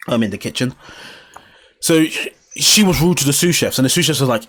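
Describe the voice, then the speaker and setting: A man hosting a casual podcast chat, swearing freely and getting excitable as he retells things. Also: mid-range voice, brisk, pauses often. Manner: swearing, excitable, acts out shouted quotes. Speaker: podcast host.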